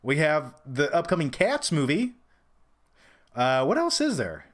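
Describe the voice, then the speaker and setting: A man's voice: fairly high pitch, huge pitch swings, measured pace. A man hosting a casual live-stream Q&A about movies, rambling and opinionated with frequent restarts. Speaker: host of a film review channel.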